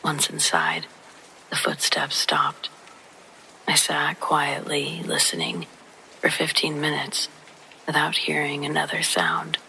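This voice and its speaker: A narrator whispering a true horror story in a soft, hushed voice, with faint rain behind. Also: medium pitch, very animated, takes it slowly, creaky, long pauses, a little hiss or hum, rough recording.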